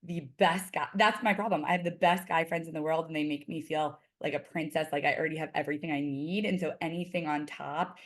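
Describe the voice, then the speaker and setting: A woman in casual podcast conversation, her voice sitting a little low for a woman. She rambles loosely, leaning on "like" and "you know" as she talks. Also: steady tone, fast, few pauses. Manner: chatty, lots of "like" fillers. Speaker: podcast guest. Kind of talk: casual chat.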